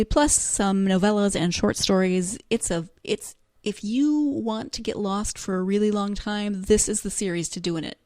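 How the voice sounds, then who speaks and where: A woman's voice: medium pitch, darkish tone, no echo. A woman hosts a solo book podcast, talking in a chatty, self-deprecating way. Her voice sits in a middle register and is recorded dry and close. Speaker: podcast host. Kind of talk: casual solo podcast talk.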